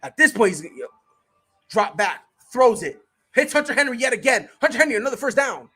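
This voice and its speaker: An excitable streamer calling a game play by play in a loose, slangy way. The pitch swings widely as calm calls break into shouted reactions and laughter, with quick asides to the viewers. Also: husky. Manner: slangy, chats with viewers between plays. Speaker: sports streamer. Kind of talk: casual live play-by-play commentary.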